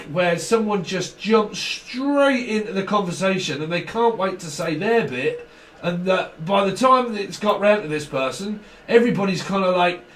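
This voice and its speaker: A high-voiced man talks casually to camera as a tarot reader, rambling and swearing, laughing often and mimicking the people he describes. His voice sounds a little far from the mic in an echoey room with faint noise behind it.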